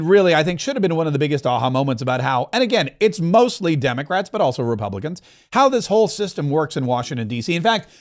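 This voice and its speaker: A man hosting a political podcast, giving opinionated commentary in a fast, heated rant full of asides and restarts. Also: high-pitched.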